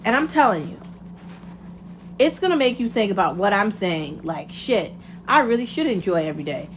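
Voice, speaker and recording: A woman's voice: medium pitch, very animated, moderate pace, slight background noise. Candid rambling woman giving a pep talk. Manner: candid, rambling, swears freely. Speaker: podcast host. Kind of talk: casual motivational monologue.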